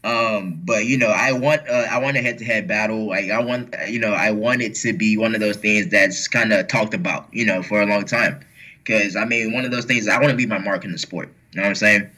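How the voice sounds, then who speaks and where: A man's voice: fairly low pitch, fairly quick, bright, forceful tone, poor audio. A man speaking as a guest athlete in a casual interview, rambling with many fillers and restarts. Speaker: powerlifter guest.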